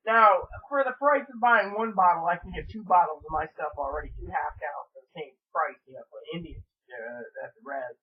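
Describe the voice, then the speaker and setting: A man's voice: on the high side, brisk, hardly any pauses, a little hiss or hum. A man who works as a minister, chatting casually and rambling between topics in a vlog. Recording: distant tinny phone-like sound.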